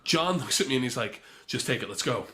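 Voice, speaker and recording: A man's voice: medium pitch, a little fast. A young man telling a wild story in casual podcast chat, swearing freely and acting out the other people's voices. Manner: animated, profane storyteller who acts out voices. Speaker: podcast guest.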